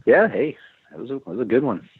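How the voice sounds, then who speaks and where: A man's voice: mid-range voice, big pitch swings, fast talker, breathy edge, no room sound. A man being interviewed as a guest musician, telling rambling stories with frequent chuckles. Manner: rambling storyteller, chuckles often. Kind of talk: casual interview chat. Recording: tinny phone line.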